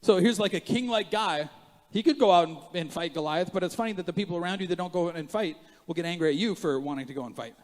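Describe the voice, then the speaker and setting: A man preaching a sermon as pastor, moving between quiet asides and loud emphatic rises, with joking self-mocking moments. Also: high-pitched, quick pace, few pauses, long reverb tail. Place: church sanctuary.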